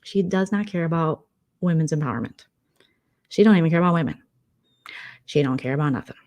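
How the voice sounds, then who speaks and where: A woman's voice: low voice, lively intonation, a little fast, darkish tone. A woman hosting a vlog, chatting casually with a sarcastic, chatty manner. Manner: sarcastic, chatty, tangent-prone. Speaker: vlogger host. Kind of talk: casual gossip commentary.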